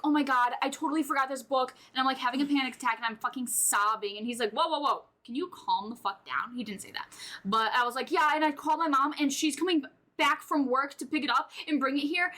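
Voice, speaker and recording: A young woman co-hosting a casual podcast, excitable and jokey, swearing freely as she chats. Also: a little high. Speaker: podcast co-host. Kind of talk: casual chat.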